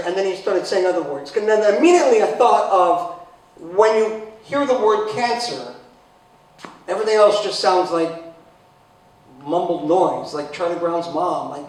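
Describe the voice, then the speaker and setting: A man in his forties giving a humorous personal talk, telling a story in a sarcastic way, with sudden loud exclamations. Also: high-pitched, lively intonation, normal speed. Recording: very echoey hall from far off.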